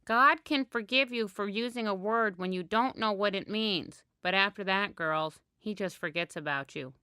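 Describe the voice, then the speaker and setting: A woman's voice: medium pitch, moderate pace, bright, forceful tone, clear, resonant tone, no echo, close to an everyday voice. Woman as stern older school nurse, solemn and preachy, dry sound. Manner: solemn, moralizing lecture.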